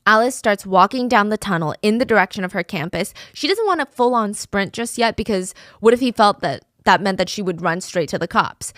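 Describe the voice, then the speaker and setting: A woman's voice: mid-range voice, fairly bright tone, no echo, studio quality. Chatty woman telling a true crime story. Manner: conversational, with fillers like "like" and "I mean".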